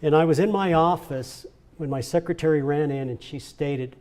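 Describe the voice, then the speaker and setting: An older man, honored at a charity event, gives a heartfelt personal speech. His voice is on the high side and somewhat dark, moving at normal speed as he tells earnest, emotional stories with repetition.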